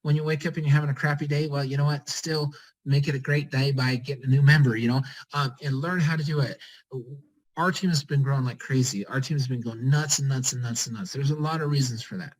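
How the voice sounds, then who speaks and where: An energetic man at a mid pitch, rallying his team on a group call. He talks fast and repeats short commands again and again to push his listeners into action. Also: poor audio. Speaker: team leader on a network-marketing call. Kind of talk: motivational pep talk on a group call.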